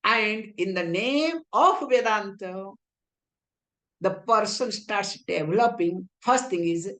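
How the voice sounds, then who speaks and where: A woman's voice: mid-range voice, lively intonation, takes it slowly, a bit bright. Indian woman teaching spiritual philosophy. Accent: Indian English. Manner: conversational, rhetorical checks for understanding. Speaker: Vedanta teacher. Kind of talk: spiritual class lecture.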